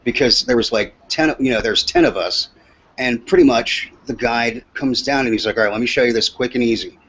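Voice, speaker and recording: Man, husky, casual, rambling, profane storyteller, lo-fi audio. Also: mid-range voice, a little fast, a bit bright. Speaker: podcast co-host. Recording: dull lo-fi audio.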